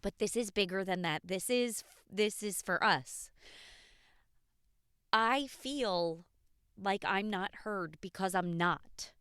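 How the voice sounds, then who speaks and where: A woman's voice: medium pitch, slow pace, fairly bright tone, smooth, dry recording, clean studio sound. A woman hosting an unscripted personal podcast, talking candidly and passionately and swearing freely. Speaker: podcast host.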